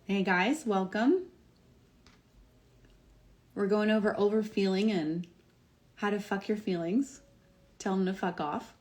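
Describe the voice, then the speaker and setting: A woman's voice: medium pitch, measured pace, pauses often, a little mellow. A young adult woman, a doctor and wellness coach, talking casually on a livestream, upbeat and emphatic with lots of "like" and "um". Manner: upbeat and emphatic, filler-heavy with frequent "like" and "um". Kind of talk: casual motivational talk on a livestream.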